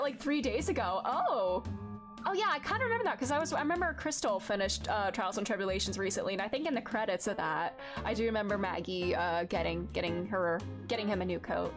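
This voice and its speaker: A woman streamer chatting and joking while playing a story game. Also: on the high side. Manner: chatty, joking, laughs often. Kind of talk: casual game commentary. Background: game music.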